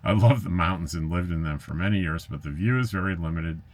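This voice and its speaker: Low-voiced man chatting through comments. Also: fast. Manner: chatty and easygoing, with frequent fillers and light laughs; wry and a little sarcastic. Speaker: RV travel vlogger. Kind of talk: casual chat reading viewer comments aloud.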